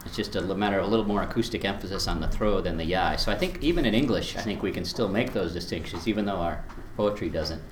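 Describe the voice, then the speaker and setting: Low-voiced male teacher in an echoey room. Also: fast talker, few pauses, a little hiss or hum. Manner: chatty, explains with spoken examples, chuckles often. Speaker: Latin teacher. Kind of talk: workshop presentation.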